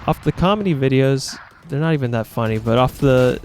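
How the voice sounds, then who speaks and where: A man's voice: medium pitch, lively intonation, a little fast, darkish tone, slight background noise. A man talking to his viewers as a YouTuber in a casual, reflective monologue, earnest, rambling and self-critical.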